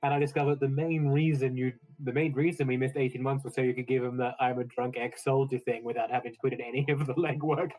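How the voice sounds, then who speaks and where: A man's voice: medium pitch, steady tone, quick pace, few pauses, warm tone, low-quality recording. A man chatting out of character with his tabletop group over a voice call, joking and laughing often. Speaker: player. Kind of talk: casual out-of-character chat. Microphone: online voice call.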